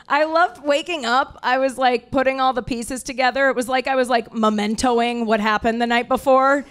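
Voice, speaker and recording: A brash, profane woman in her thirties riffs through improvised stand-up, her voice pitched high. She mocks herself and the crowd freely, talking into a stage mic. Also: steady tone, normal speed, a bit bright. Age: 30s. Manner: brash, profane, self-deprecating. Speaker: stand-up comedian. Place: comedy club stage.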